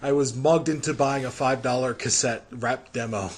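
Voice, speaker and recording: A man's voice: medium pitch, fairly even intonation, moderate pace, slightly rough. An American man hosting a podcast, telling a rambling story in casual chat and laughing through it. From United States. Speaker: podcast host.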